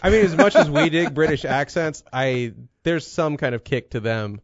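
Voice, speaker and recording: A man co-hosting a casual podcast rambles and swears while telling stories with lots of energy, his voice a little high and his pace moderate. The audio is dull, with no room sound.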